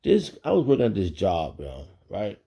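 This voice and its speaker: A man tells a casual story in a gravelly, dark voice. His pitch swoops widely as he talks, animated and profane, often breaking into laughter. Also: moderate pace.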